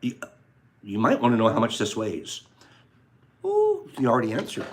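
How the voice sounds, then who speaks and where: A man's voice: medium pitch, wildly swooping pitch, normal speed. A man hosting a casual livestream, chatting playfully and teasing his viewers. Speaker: livestream host.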